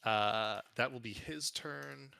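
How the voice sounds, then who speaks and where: A man's voice: mid-range voice, slow, vocal fry, bright, forceful tone, smooth. A man running a tabletop game as game master, thinking aloud in a casual, hesitant way.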